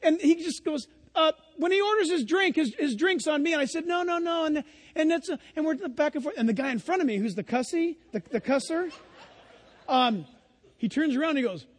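A male pastor with an extremely high-pitched voice preaches a sermon in a church, speaking in a brisk, animated way. He tells stories conversationally and poses rhetorical questions to the congregation, and a long reverb tail trails his words.

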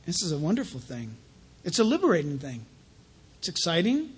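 A man preaching a sermon in a conversational, animated way, telling stories between scripture. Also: fairly high pitch, a little fast, slightly rough. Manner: conversational preaching with anecdotes, rising to animated emphasis.

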